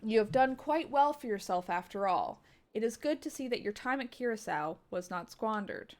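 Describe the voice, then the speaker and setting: A cold, sanctimonious old abbot who speaks in stiff, measured, churchly phrases, as a woman reads his lines aloud. The delivery is slow and formal, a little higher than you'd expect for an old man. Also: lively intonation, a little mellow. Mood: stiffly formal. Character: stern older male abbot, sanctimonious and cold.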